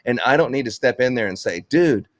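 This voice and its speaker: A man's voice: medium pitch, quick pace, dry recording. A man who runs a Christmas lights business, talking bluntly in a casual live chat, swearing and laughing often.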